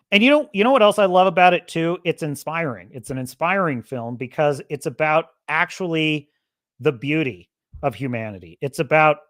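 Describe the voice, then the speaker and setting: A man with a fairly bright voice on the high side hosts his own podcast, delivering a casual opinion monologue. He's emphatic and rambling, restarting often, and the studio-quality audio has no echo.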